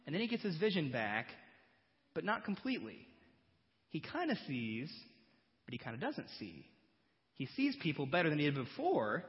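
Male preacher, sermon, high lively voice, rhetorical questions, joking asides, long hall reverb, dull sound. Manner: animated, conversational, rhetorical questions and humor. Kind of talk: sermon, Bible teaching.

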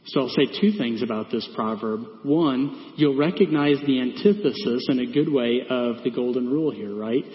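A man's voice: mid-range voice, moderate pace, few pauses. A man giving a conversational sermon in a church, with many fillers and asides. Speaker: preacher. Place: church sanctuary. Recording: echoey church hall, dull sound.

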